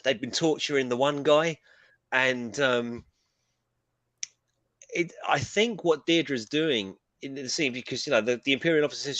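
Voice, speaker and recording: A man's voice: mid-range voice, a little slow, no echo. Rambling British man, dry sound. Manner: rambling, animated, casual swearing. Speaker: co-host. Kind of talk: casual pop culture chat.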